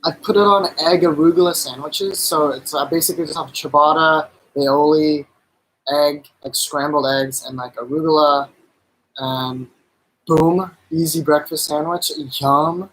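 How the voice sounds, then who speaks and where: A man's voice: a little high, steady tone, measured pace, a bit bright, slight background noise, rough recording. A man casually chatting on a live stream while cooking, rambling with lots of fillers and enthusiastic about the food.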